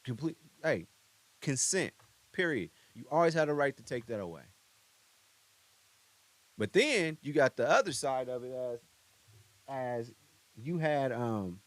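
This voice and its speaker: A man's voice: mid-range voice, lively intonation, a little slow, long pauses, dry recording. A young man hosting a podcast in a studio, telling a story in a laid-back, rambling, slangy way with lots of asides. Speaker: podcast host. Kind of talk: casual commentary.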